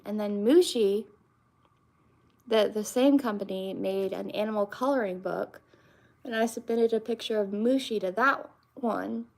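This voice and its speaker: A woman's voice: mid-range voice, measured pace, vocal fry, a little mellow. A young woman, chatting casually with her stream viewers in a rambling way, full of fillers and restarts. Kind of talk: casual live-stream chat.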